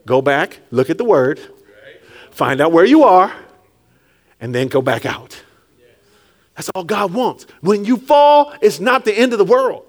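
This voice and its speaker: A man preaching a sermon with call-and-response, rising to shouts and dropping low, acting out scripture figures. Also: a little slow, long pauses. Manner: animated, call-and-response, rises to shouts then drops low; acts out Jesus and Peter in quiet low tones.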